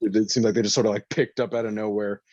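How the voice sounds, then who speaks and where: Excitable, foul-mouthed man on a podcast. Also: on the low side, very fast, dull audio. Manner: swearing, excitable, laughs often. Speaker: podcast co-host. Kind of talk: casual wrestling chat.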